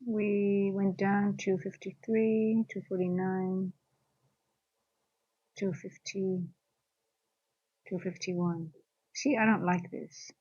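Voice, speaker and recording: A woman's voice: mid-range voice, fairly even intonation, slow pace, pauses often, dark tone, husky, highs cut off. A woman trading coach giving chatty live-stream market commentary, thinking aloud as she reads the charts.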